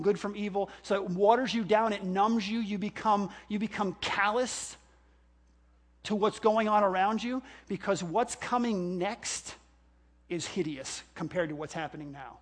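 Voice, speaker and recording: High-voiced older man preaching a sermon. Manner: animated, acts out exclamations and quoted voices. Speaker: pastor.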